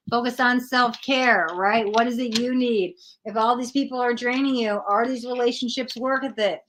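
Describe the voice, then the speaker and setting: A woman's voice: on the high side, a little hiss or hum. A woman doing live tarot readings on a stream, talking in a chatty, informal way and thinking aloud. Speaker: tarot reader.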